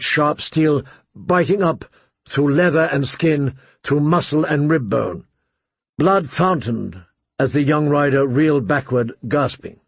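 Male narrator, audiobook, slow, gravelly, husky, dry close sound. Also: on the high side, no room sound. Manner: measured, unhurried reading. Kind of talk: audiobook reading.

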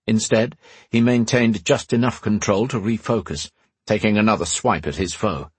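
Measured storyteller, husky man, low-set voice, dry booth, for fantasy narration. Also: no echo. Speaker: audiobook narrator.

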